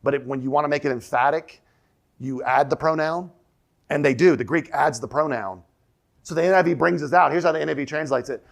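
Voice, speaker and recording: A man preaching a sermon as pastor, emphatic, repeating key lines and dropping his voice low for the quoted question. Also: fast talker, vocal fry. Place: church sanctuary.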